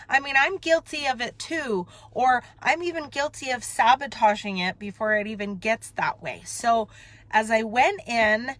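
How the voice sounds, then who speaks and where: A woman's voice: fairly high pitch, a bit bright, no room sound. A woman talking candidly and emotionally to her viewers from a parked car, rambling and breaking off mid-thought. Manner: emotional, rambling, self-interrupting. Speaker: vlogger. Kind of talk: candid confessional chat.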